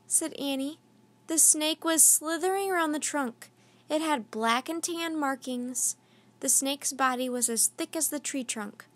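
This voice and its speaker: A woman reading a children's book aloud, slow, clear and expressive. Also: high voice. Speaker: storyteller.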